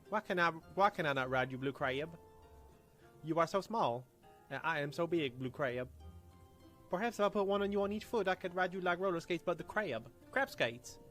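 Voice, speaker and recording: A man's voice: fairly high pitch, expressive, moderate pace, long pauses, fairly bright tone, faint music behind. A man hosting a game stream, joking crudely and rambling between laughs in casual commentary.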